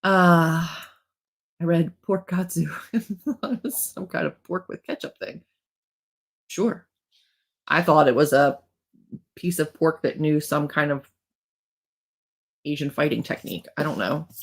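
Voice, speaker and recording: A woman's voice: sits low, takes it slowly, pauses often. A young woman hosting a livestream, chatting casually and joking as she rambles. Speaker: livestream host, author. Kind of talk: casual chat.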